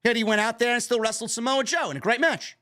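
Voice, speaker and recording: A man's voice: quick pace, sharp tone. A man hosting a wrestling commentary stream, ranting with heavy profanity and mocking, exasperated sarcasm. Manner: mimics others in high sarcastic voices.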